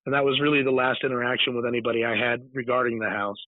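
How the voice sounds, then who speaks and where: A man's voice: mid-range voice, steady tone, racing, no echo. A man from California, a guest author and paranormal investigator, telling a long rambling story in a casual interview. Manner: rambling, digressive storytelling with many restarts. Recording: tinny phone-like line, dry.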